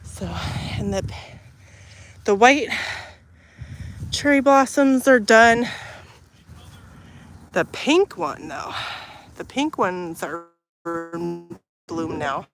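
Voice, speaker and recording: In her garden, a woman hosts a casual livestream, chatting with viewers and her animals while holding her phone to film. Her mid-range voice is animated, with drawn-out words and long pauses.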